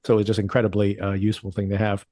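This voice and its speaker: Low-voiced male podcast co-host. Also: completely flat delivery, very fast, darkish tone, no room sound, studio quality. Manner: chatty, does sing-song voices when quoting. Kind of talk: casual chat.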